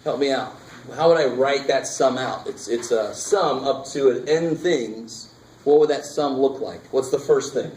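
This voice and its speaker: A man's voice: mid-range voice, unhurried, a little mellow, echoey room, slight background noise, poor audio. A man teaching a math class, casual and joking, talking straight to his students. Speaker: math instructor. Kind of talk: classroom lecture. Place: lecture classroom.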